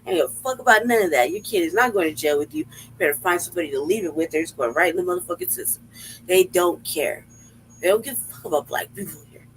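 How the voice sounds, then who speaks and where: A woman's voice: lowish voice, animated, fast talker, a little hiss or hum, rough recording. A woman co-hosting a casual livestream, talking in a brash, profane, mocking way. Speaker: livestream co-host.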